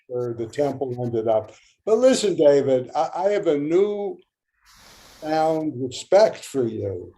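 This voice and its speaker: A male comedian guest bantering with the host in an animated, needling way. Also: a little high, takes it slowly, rough recording.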